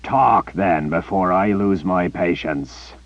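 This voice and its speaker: Guy reading an audiobook doing a deep gravelly evil emperor, slow and menacing, dry muffled recording. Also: dry recording. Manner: slow, threatening, demanding. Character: menacing male tyrant emperor speaking through a young soldier.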